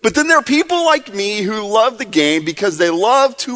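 A man's voice: high-pitched, lively intonation, normal speed, hardly any pauses, fairly bright tone. A man in his forties, a pastor, opening a sermon in an upbeat, chatty way and quizzing the congregation. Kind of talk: casual sermon opener. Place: church hall. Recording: long church reverb.

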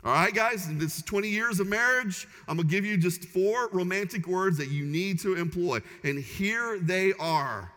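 A man's voice: high voice, expressive, moderate pace, hardly any pauses, pushed and bright. A man in his forties, a pastor preaching a sermon in an emphatic, repetitive cadence in a church sanctuary. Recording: long reverb of a large church hall.

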